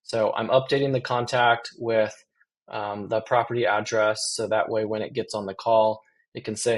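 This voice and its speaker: A man in real estate giving a casual screen-share tutorial, relaxed and full of fillers. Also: on the low side, normal speed, rough recording. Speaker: real estate business owner.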